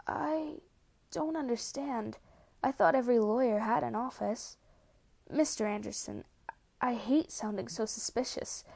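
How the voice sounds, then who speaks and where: A woman reads the part of a worried mother guarding her son. The voice is fairly high and mellow, tense with distress. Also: vocal fry. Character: anxious protective mother, middle-aged woman.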